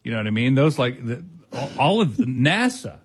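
A man's voice: medium pitch, very animated, moderate pace, slightly rough, no room sound. A man co-hosting a talk radio show, rambling with hesitant fillers. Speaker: radio co-host. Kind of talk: casual talk radio chat.

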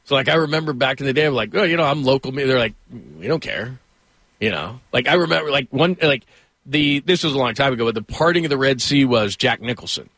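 A man's voice: medium pitch, quick pace, a bit bright, no echo. A middle-aged man hosting a sports radio show, telling rambling stories and laughing often. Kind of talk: casual sports talk and storytelling.

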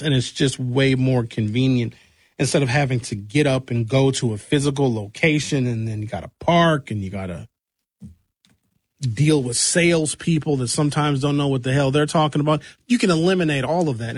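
Hoarse after some recent shouting, this male talk show host speaks bluntly and conversationally about local news, posing rhetorical questions. He has a mid-range voice, and the studio sound is clean with no room echo.

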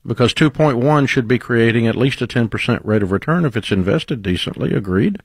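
A man's voice: medium pitch, expressive, fairly quick, gravelly, breathy edge, dry recording, clean studio sound. A man hosting a call-in advice radio show, questioning callers bluntly with teasing humor. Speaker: radio talk show host.

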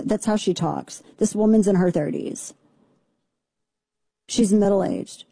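A woman's voice: mid-range voice, slow pace, gravelly, pauses often, dark tone, slightly rough, no echo. A woman hosting a talk radio show, giving indignant, sarcastic commentary.

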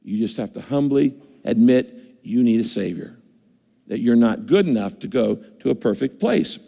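A man's voice: mid-range voice, expressive, moderate pace, gravelly, dark tone. An older man preaching a sermon in a conversational way, voicing listeners' objections as he goes. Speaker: pastor. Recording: long reverb of a large hall.

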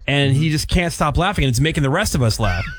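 A man's voice: on the high side, fast, noisy background. A male radio morning show host talking casually and loosely with his co-hosts. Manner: relaxed, chatty, uses filler words. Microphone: studio microphone.

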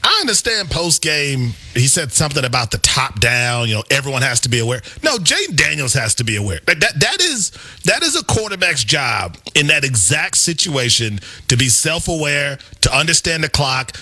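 Sports co-host, male, middle-aged; animated, bright tone, dry close mic. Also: fairly high pitch, moderate pace, no echo. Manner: animated, self-deprecating humor. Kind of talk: casual sports talk.

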